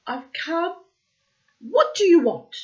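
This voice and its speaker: A woman voicing a small, timid male sparrow who shouts and pleads with God. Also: mid-range voice, lively intonation, slow, pitched above the performer's own voice. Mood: earnest plea. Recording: dull lo-fi recording.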